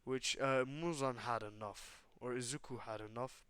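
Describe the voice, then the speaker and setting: A man's voice: mid-range voice, moderate pace, bright, forceful tone, clean tone, no room sound. A man casually narrating a fan-made what-if story, rambling with fillers and swearing.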